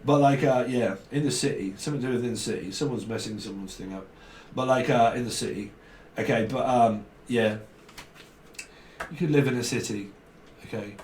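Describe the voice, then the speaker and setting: A man's voice: medium pitch, a little fast, darkish tone. British man, tarot reader, rambling and jokey, roomy echo, mic set back, faint hiss. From Britain. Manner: chatty, jokey, laughs often, slips into slang and mock voices. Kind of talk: rambling casual tarot reading. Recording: echoey room, distant mic, faint noise.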